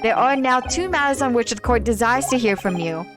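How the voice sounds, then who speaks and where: A woman voicing a stern male judge, speaking in formal, measured tones. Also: a little high, expressive, over music, lightly acted. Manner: formal, measured courtroom speech.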